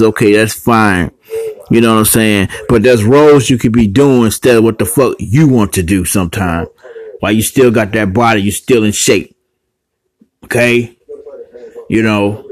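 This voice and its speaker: A man's voice: mid-range voice, darkish tone. A man in a rambling, profanity-heavy vlog rant, blunt and scattered, with casual dialect grammar. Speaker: vlogger.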